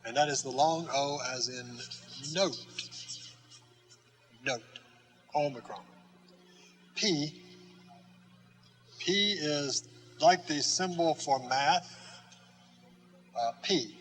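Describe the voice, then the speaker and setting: A man teaching a lesson at a slow, patient pace, pausing often with fillers and demonstrating sounds and letter strokes. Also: a little high, fairly bright tone, slight background noise, low-quality recording. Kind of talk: classroom lesson.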